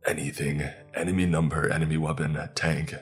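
A man's voice: a bass voice, flat delivery, fairly quick, soft background music. A man voicing a stern, worried bunker guide who speaks clipped, broken English. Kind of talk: horror story narration.

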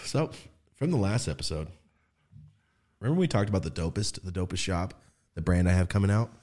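Hosting his podcast, a young man keeps things casual, spinning lively anecdotes and suddenly switching to high, imitative voices.

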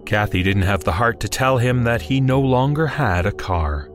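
A man's voice: medium pitch, animated, moderate pace, soft background music. A man narrating a horror story in a dry, wry storytelling manner.

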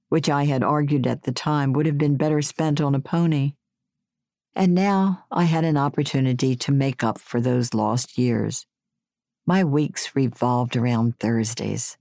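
A woman's voice: a bass voice, creaky, dry recording, studio quality. Wry woman reading her memoir aloud. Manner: wry, gently humorous. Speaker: memoir narrator.

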